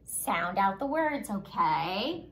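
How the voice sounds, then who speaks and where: Slow, bright-voiced woman teaching phonics. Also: mid-range voice, very animated. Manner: slow, exaggerated sounding out of letters; encouraging, upbeat prompting. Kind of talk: phonics lesson for young children.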